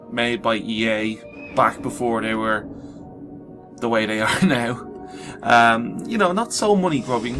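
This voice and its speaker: Male let's-player, sarcastic and jokey, game music faint in the back. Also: lowish voice. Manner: joking, sarcastic banter. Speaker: gaming host. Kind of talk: casual gameplay commentary.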